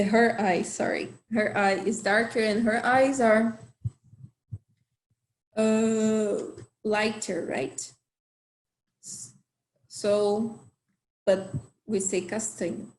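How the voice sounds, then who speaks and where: Slow, patient woman language teacher. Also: medium pitch, echoey room, slight background noise, poor audio. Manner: slow, repeats phrases for learners. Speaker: Portuguese teacher.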